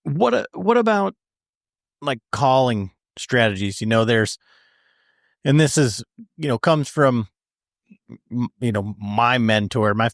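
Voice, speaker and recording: Male host in a mid-pitched voice, halting and full of fillers, on a dry, close recording. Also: no echo. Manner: halting, filler-heavy phrasing. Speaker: podcast host. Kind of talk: interview questions.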